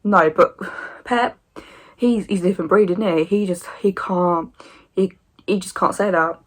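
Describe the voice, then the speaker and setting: A woman in her twenties talking casually to camera as a football fan vlogger, animated and opinionated with sarcastic asides. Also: on the low side, a little slow.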